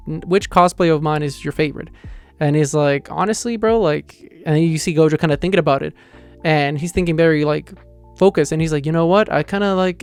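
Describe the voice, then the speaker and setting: A man's voice: on the high side, a little mellow, clean tone. A young man casually reviewing a manga chapter, rambling with lots of fillers. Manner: rambling, heavy on fillers like "like" and "you know".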